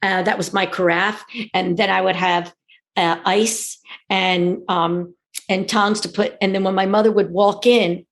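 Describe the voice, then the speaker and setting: A woman who is a podcast guest, telling lively childhood stories in casual chat and acting out the voices. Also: medium pitch, unhurried. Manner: animated, acts out voices in her stories.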